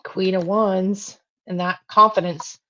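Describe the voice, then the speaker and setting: A woman's voice: mid-range voice, steady tone, slow, pushed and bright, lo-fi sound. Woman pulling tarot cards aloud. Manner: repeats questions to spirit, thinks aloud. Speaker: tarot reader and true crime channel host.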